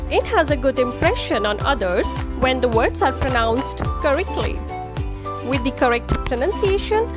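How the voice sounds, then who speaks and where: A woman narrating a scripted English pronunciation lesson, explaining each word slowly and deliberately. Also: high-pitched. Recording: voice-over with faint background music.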